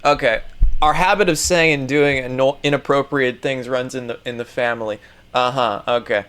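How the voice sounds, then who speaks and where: A man's voice: mid-range voice, steady tone, normal speed, fairly bright tone, clear, resonant tone. Rambling, swearing man reading aloud. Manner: rambling, swears a lot, stumbles over words. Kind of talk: casual reading aloud with commentary.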